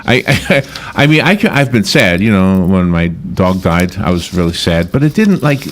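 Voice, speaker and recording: A radio talk show host with a deep, expressive voice chats at normal speed in a casual interview. He rambles, frequently breaking off and restarting himself, and there's slight background noise.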